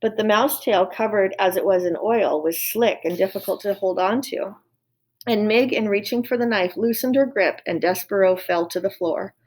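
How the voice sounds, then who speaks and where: A woman reading a children's novel aloud in calm, steady storytelling. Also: medium pitch, normal speed. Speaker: reader.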